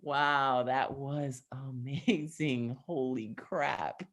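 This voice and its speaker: A woman's voice: lowish voice, expressive, slow, pushed and bright. Gushing New woman hosting. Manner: gushing, effusive, emotional. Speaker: open mic host. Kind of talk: closing remarks at an online open mic. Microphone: video call.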